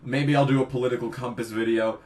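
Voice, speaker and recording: A man's voice: mid-range voice, steady tone, fast, darkish tone. A young man in his twenties, a college student by his own account, giving a profane, exasperated rant on his vlog. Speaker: vlogger. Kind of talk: ranting political vlog.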